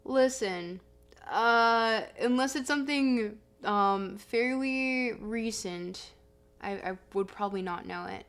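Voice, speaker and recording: A woman's voice: a little high, slow, fairly bright tone. A woman streamer chatting casually with her chat, reading comments aloud and humming between songs. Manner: chatty, reads chat aloud, sings along. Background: music.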